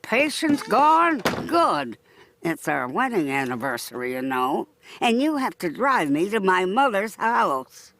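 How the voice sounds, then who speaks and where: An actress playing a curt, demanding middle-aged wife in a cartoon. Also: female voice, medium pitch, sing-song, unhurried, a bit bright, no echo. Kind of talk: cartoon voice acting.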